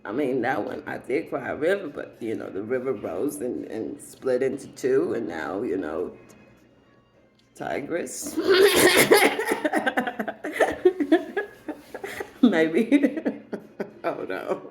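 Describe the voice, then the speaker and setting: Slow, animated woman doing comedic rambling. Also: extremely low pitch, faint music behind. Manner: rambling storyteller who laughs often at her own jokes. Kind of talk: comedic monologue.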